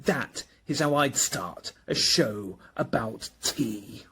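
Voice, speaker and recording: A man performing a comic spoken word show, with a slightly husky voice, playful and theatrical, sometimes rapping in rhythm. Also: medium pitch, expressive, slow pace, very noisy. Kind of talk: spoken word comedy with rapped verses.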